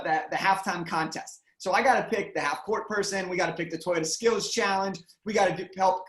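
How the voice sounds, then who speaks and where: A man's voice: high-pitched, reverberant, low-quality recording. A young man, a guest speaker, telling a story in an interview answer with lots of energy and acting out the quotes.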